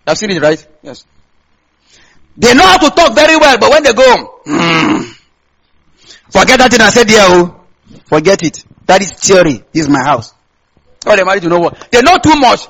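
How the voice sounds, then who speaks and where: A male pastor from Nigeria, speaking with a Nigerian accent, preaches a sermon and throws questions back to the congregation. His voice is high-pitched and a little bright, and the recording quality is low.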